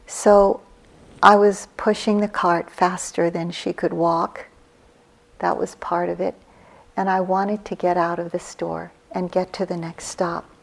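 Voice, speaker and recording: A woman in her sixties, a meditation teacher giving a gentle, reflective dharma talk on retreat, her phrases trailing off softly. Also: on the low side, little pitch movement. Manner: slow, gentle, reflective storytelling with soft breathy trailing phrases.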